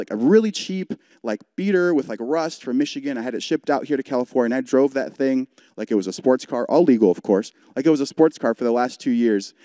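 Young guy preaching, warm mellow voice, chatty and earnest, lots of "like", dry close sound. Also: medium pitch, no echo. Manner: earnest, conversational, frequent "like" fillers. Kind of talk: storytelling sermon. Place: church service broadcast.

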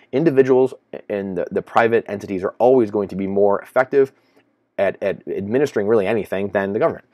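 Rambling, incredulous low-voiced man. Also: darkish tone, no room sound. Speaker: finance commentator. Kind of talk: casual solo commentary.

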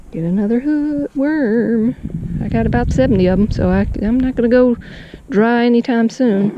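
The recording is muffled as a chatty woman with a mid-range voice narrates her kayak fishing trip for viewers. She addresses the fish and her audience with homespun phrases, and wind and water sounds come through clearly in the background.

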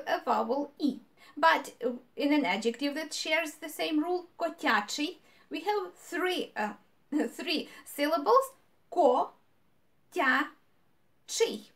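Woman teaching grammar, high voice, takes it slow and repeats words. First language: Ukrainian. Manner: explanatory, patient, repeats example words. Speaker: language teacher. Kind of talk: grammar lesson.

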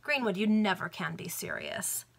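A woman's voice: medium pitch, big pitch swings, moderate pace, gravelly, a bit bright, full character voice. A woman voicing a desperate male Victorian banker in a read-aloud novel, pleading and agitated.

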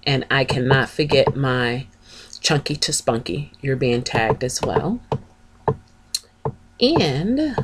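Woman vlogger, low unhurried voice, chatty and gushing; casual shout-out delivery. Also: animated, background noise. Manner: chatty, gushing, spells out names. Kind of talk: casual chat, shouting out channels.

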